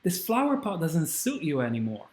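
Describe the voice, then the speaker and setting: A man's voice: a little high, huge pitch swings, normal speed, echoey room. A man voicing an elderly woman who chats fondly with her potted plants and argues with them, read from a stage script. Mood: doting. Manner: doting, bickering with plants that answer back. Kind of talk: dramatic script reading.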